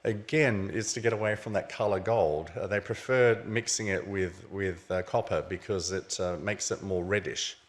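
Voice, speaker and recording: Low-voiced man giving a casual lecture. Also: moderate pace, hardly any pauses. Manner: casual, explanatory, pointing out objects on slides. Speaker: author presenting his book. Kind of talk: illustrated lecture at a book launch. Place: museum event venue.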